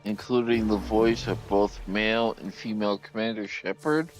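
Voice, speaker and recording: A man's voice: on the low side, fairly even intonation, normal speed, faint music behind. A man chatting casually on a gaming stream, giving long rambling explanations with frequent restarts. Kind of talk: casual chat.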